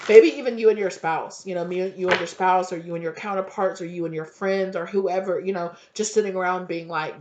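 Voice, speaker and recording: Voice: medium pitch, fairly even intonation, a little fast, hardly any pauses, a little mellow, slight background noise. A tarot reader talks through a casual reading in a mid-range voice that is heartfelt and rambling, full of fillers and the odd swear. The sound is dull and lo-fi.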